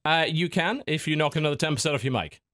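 A man's voice: fairly high pitch, quick pace, fairly bright tone. A man hosting a podcast in casual chat, articulate with a dry, wry way of putting things. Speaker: podcast host.

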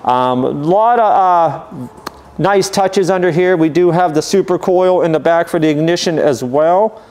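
This male dealer host has a clear, smooth, slightly high voice and keeps up steady, unhurried patter during a casual walkaround of a vehicle. His manner is relaxed and methodical, sprinkled with frequent "um"s and "uh"s.

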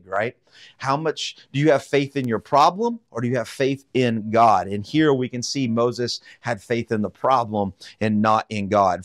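A man's voice: medium pitch, no echo, clean studio sound. A man teaching through a Bible passage, reading verses aloud and explaining them in a casual, conversational way with frequent fillers and rhetorical questions. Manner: reads scripture then explains it conversationally, with fillers and rhetorical "right?". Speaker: pastor teaching a Bible study.

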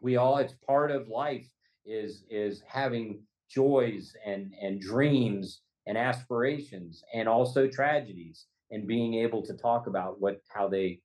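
Over poor audio, a trial lawyer appearing as a podcast guest speaks in a slightly mellow, lowish voice. Interviewed remotely from Los Angeles, he tells an emotional story haltingly, repeating and stumbling over words and getting choked up.

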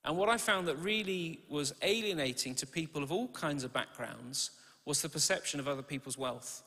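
A man delivering a sermon in a church hall, with a fairly high, forceful and bright voice. He keeps it conversational, asking rhetorical questions and restarting phrases mid-thought. The sound rings with long reverb from the hall. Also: normal speed. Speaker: preacher.

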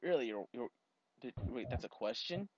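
A man giving rambling, exasperated commentary while video chatting, bursting into loud yelps now and then. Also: medium pitch, lively intonation, moderate pace, husky, no echo. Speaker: video creator. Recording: dull lo-fi recording.

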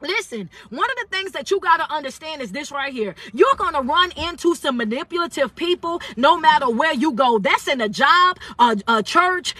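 A woman, hosting a live-stream motivational talk on her phone, lively and affectionate, calling listeners baby and honey. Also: high-pitched. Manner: lively, calls the audience baby and honey, laughs often. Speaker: motivational speaker.

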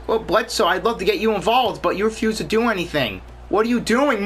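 Excitable young man yelling at a game. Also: high voice, a little fast, few pauses. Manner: excitable, complains and shouts at the game. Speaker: gaming YouTuber. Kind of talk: gameplay commentary.

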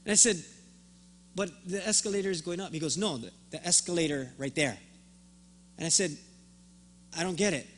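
A man's voice: fairly high pitch, normal speed, long pauses, a little hiss or hum. A man preaching a sermon as pastor, telling a story and acting out both sides of the conversation, often repeating words as he starts a thought.

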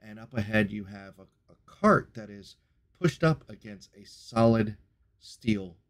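A man's voice: lowish voice, lively intonation, measured pace. A man running a tabletop game as game master, describing rooms and doors with a few hesitations. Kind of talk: narrating a tabletop game on a live stream.

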